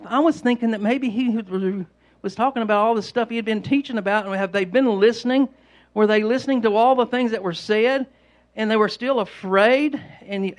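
A man preaching an informal sermon, rambling and repeating himself as he tells homespun stories. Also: sits high. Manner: rambling, repetitive, homespun storytelling. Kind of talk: conversational sermon.

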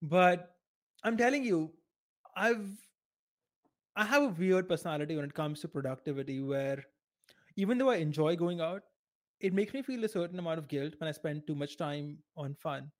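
A man's voice: on the high side, animated, moderate pace. Blunt, laughing podcast co-host man. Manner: blunt, laughs at his own stories. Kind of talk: casual podcast chat.

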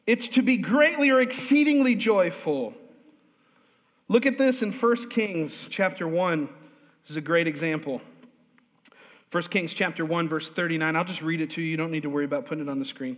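High-voiced man preaching in a reverberant church. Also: normal speed. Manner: lively, humorous preaching with call-and-response. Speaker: pastor. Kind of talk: sermon. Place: church sanctuary. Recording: long hall reverb.

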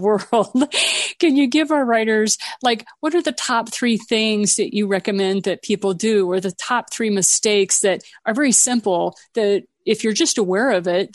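A middle-aged woman hosting an interview, chatty and quick to laugh. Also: medium pitch, no room sound. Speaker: podcast host. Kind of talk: casual interview chat.

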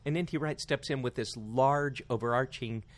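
A man in casual podcast conversation, giving reflective, measured explanations. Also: mid-range voice. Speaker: lectureship organizer.

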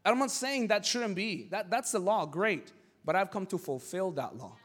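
Young male pastor, high voice, casual joking sermon delivery, chatty and animated. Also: normal speed.

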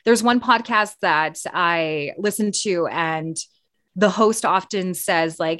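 Her voice is on the low side and a bit bright, and she speaks slowly. This Canadian radio broadcaster co-hosts a podcast, sharing speaking tips conversationally with fillers and restarts, in clean, echo-free studio sound.

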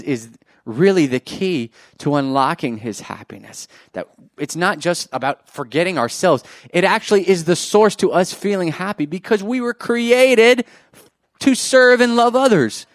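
A man preaching a sermon, animated and joking with the congregation, swinging from loud bursts to quiet asides. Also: high-pitched, moderate pace, no echo, clean studio sound. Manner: jokes with the congregation.

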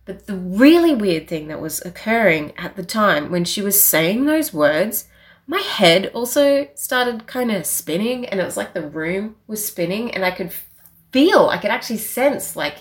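A woman's voice: mid-range voice, expressive, unhurried. A young woman telling a personal story in a casual, chatty way, full of filler words.

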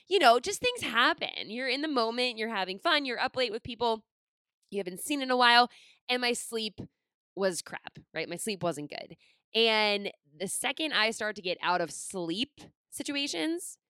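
Smooth-voiced chatty woman telling stories. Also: mid-range voice, no room sound. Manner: chatty, rambling, heavy use of "like"; expressive, self-deprecating asides. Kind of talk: casual personal storytelling.

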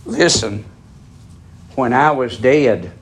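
A man's voice: medium pitch, takes it slowly. A man preaching a sermon in a fervent, repetitive cadence.

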